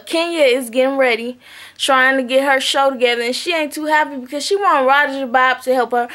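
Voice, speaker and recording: High bright-voiced woman, blunt and chatty. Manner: blunt, profane, chatty, often asks "okay?". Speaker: vlogger recapping a reality TV episode. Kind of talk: casual recap chat.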